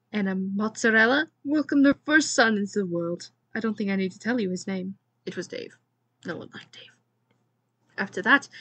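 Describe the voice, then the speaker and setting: A woman's voice: a little high, husky, no room sound. A woman gaming host reading a storybook aloud, with playful, dramatic storytelling and joking asides to the listener.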